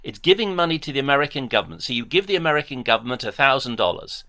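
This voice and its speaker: A man's voice: medium pitch, big pitch swings, rapid-fire, very noisy. A man on a phone debate, talking formally and precisely, citing dates and page numbers carefully. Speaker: caller.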